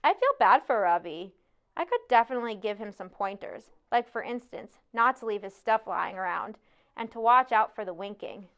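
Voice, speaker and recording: A woman reading a novel aloud in a measured first-person narration. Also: medium pitch, expressive, fairly bright tone. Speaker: audiobook narrator. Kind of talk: scripted narration.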